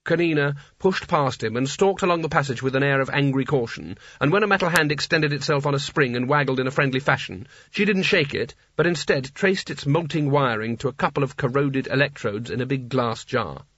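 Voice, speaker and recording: A man giving measured, wry scripted narration of an audiobook. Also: medium pitch, a bit bright, dry recording. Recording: dull dry audiobook recording.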